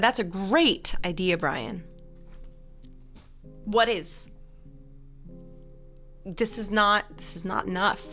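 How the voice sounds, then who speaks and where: A young woman streamer chatting casually with her live chat, rambling and animated, laughing often and reading messages aloud. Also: medium pitch. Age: young adult.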